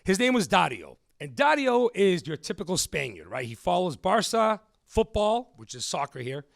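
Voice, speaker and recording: Animated, gravelly-voiced male podcast host. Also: sits high, normal speed, dry recording, clean studio sound. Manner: animated, addresses listeners as folks. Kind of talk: storytelling on a podcast.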